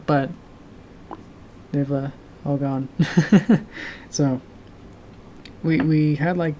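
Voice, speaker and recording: A man with a somewhat high voice chats casually to his stream audience, pausing often and filling gaps with "um" and soft laughs. His throat sounds sore and tired. A faint hum from a heater sits behind him in his home room. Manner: halting, with filler words and soft laughs. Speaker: animator streamer. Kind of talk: casual live-stream chat.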